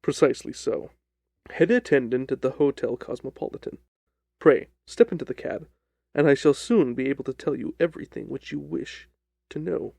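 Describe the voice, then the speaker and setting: A man voicing a calm, confident detective who speaks in a measured, dryly ironic way in an audiobook reading of a detective story. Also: medium pitch, gravelly, dry recording. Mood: courteous.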